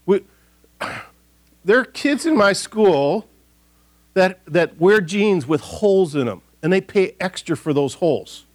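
A man's voice: sits high, lively intonation, slow. A middle-aged man serving as pastor, giving a casual, folksy sermon and prayer in church, rambling with frequent restarts and fillers. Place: church sanctuary.

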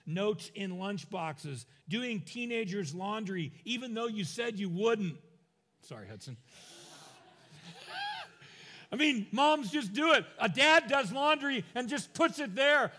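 High-voiced pastor telling stories. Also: male voice, expressive, measured pace, sharp tone, in a large hall. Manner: storytelling with humorous asides; acts out quoted lines in voices. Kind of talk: sermon.

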